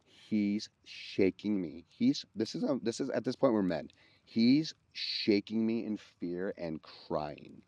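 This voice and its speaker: A man with a very low voice tells a personal story in casual podcast chat. He stops and restarts his sentences often as he recalls details. The recording is dry and a little muffled. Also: lively intonation, darkish tone, dry recording. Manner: halting, restarts mid-sentence while recounting.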